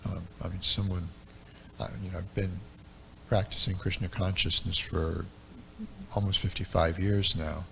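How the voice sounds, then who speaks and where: A low-voiced man in his seventies gives a devotional lecture, recalling old memories in an unhurried, reflective way. His voice has a gravelly texture, and his talk is full of ums and uhs. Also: little pitch movement, fairly bright tone, slight background noise. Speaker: temple speaker.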